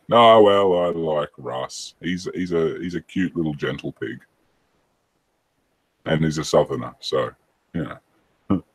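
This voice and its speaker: A very low, husky-voiced man talking on a casual podcast. He rambles and hesitates, often stopping to correct himself mid-thought. His voice sounds dry and close. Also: slow pace, long pauses, no echo.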